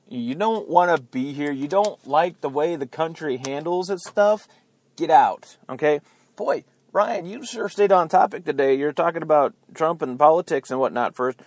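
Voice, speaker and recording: A man rants on his own podcast in a loose, sarcastic, chatty way and chuckles at his own jokes. His voice sits a bit high and swings widely up and down. The sound is dry and close, with no room echo. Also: lively intonation, normal speed. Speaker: podcast host. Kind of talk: rambling political rant. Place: outdoors near beeping buses.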